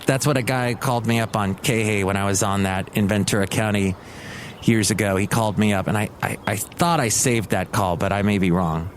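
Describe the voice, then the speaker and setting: Rambling, excitable man hosting a podcast. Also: on the low side, a little fast, a little hiss or hum. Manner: rambling, excitable, grumpy jokes. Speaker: podcast host. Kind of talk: casual solo podcast monologue.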